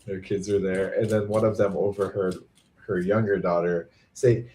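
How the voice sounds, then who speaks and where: A man's voice: low-pitched, normal speed, crowd noise. A man hosting a casual podcast chat, telling stories with lots of "like" and acting out the voices he quotes. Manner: animated storyteller who acts out quoted voices, many "like" fillers. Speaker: podcast host.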